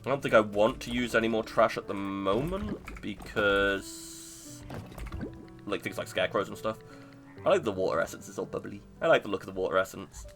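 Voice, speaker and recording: A man's voice: lowish voice, expressive, moderate pace, fairly bright tone, faint music behind. A man streaming live gameplay, chatting to himself in a self-mocking way and laughing easily. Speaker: video game streamer.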